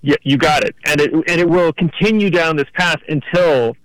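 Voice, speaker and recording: A man's voice: a little high, normal speed, a bit bright, no room sound, low-quality recording. A man calling in to a radio show, talking emphatically about politics. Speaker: caller.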